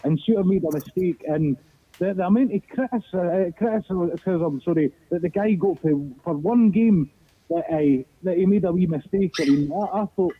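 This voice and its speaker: Man, Edinburgh Scottish accent, phone caller, rambling restarts, husky, tinny phone line. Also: sits high, moderate pace. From Scotland. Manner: rambling, stumbling restarts, swears casually. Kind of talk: phone-in football chat.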